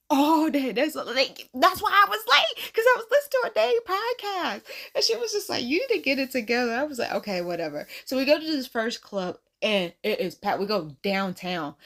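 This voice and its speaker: A woman in her thirties telling a casual storytime to camera, laughing often and acting out the people she quotes. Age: 30s. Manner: animated, laughing, acts out quotes in a higher voice. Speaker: vlogger.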